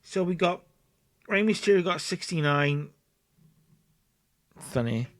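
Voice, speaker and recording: High-voiced man narrating a game. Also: expressive, slow pace, a bit bright, no echo, clean studio sound. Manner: chatty, narrates and acts out scenes. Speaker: let's play host. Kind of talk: casual game commentary.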